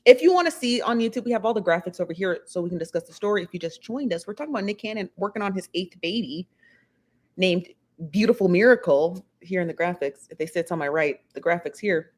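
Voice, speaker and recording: A woman's voice: fairly low pitch, animated, quick pace, a little mellow. A woman hosting a live stream, chatting her opinions and reading viewer comments aloud. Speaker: livestream host reading chat. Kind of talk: casual chat.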